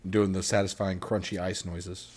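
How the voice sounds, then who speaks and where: A man's voice: low voice, little pitch movement, normal speed, darkish tone, slight background noise. A man hosting a casual gaming livestream, chatting in an easygoing, rambling way with lots of fillers. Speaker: streamer host.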